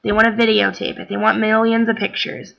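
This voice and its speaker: A woman's voice: medium pitch, little pitch movement, a little fast, creaky, a bit bright. A tired young woman chatting casually in a rambling way, with lots of "like" and "um". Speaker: vlogger. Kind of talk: casual chat. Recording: dull lo-fi webcam recording.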